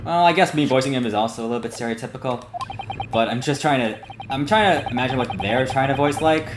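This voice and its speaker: A man casually commenting while playing through a story game, musing aloud, in an echoey room with steady noise. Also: mid-range voice, fast. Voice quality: chatty, musing. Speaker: let's play host. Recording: roomy echo with steady noise.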